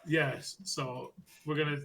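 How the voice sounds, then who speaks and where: A man co-hosting a podcast, casually recapping wrestling and loudly acting out the quotes as he goes. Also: on the high side, slow, creaky, a little hiss or hum. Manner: animated storytelling, acts out quotes loudly. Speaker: podcast co-host.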